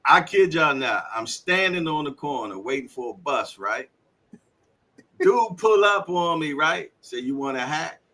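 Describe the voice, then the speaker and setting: Man, middle-aged, podcast host, casual storytelling, lively pitch, bright tone. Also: unhurried. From Washington, D.C. area. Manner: animated storyteller, acts out quoted voices, laughs often.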